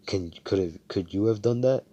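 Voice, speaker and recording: A man's voice: on the low side, normal speed, warm tone, muffled recording. A young man casually retelling a story, rambling and swearing, full of slang and self-corrections.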